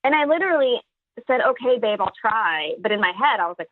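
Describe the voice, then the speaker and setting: A woman's voice: a little high, very animated, dry recording. A woman comedian talking as a podcast guest, emphatic and full of restarts, over a phone call. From Texas. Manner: fast, emphatic, many restarts. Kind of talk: casual interview chat. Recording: tinny phone line.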